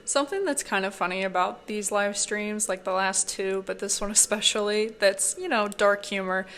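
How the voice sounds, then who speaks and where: Woman commentary host, mid-pitched, dry and mocking in her delivery. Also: normal speed, a bit bright, a little hiss or hum. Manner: mocking, amused, sarcastic. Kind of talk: reaction commentary.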